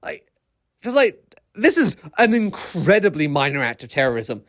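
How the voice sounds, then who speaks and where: Exasperated video essay guy or gal, super animated pitch, keeps restarting sentences. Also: moderate pace. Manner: rambling, many "like" fillers and restarts; exasperated, incredulous. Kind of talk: casual ranting commentary.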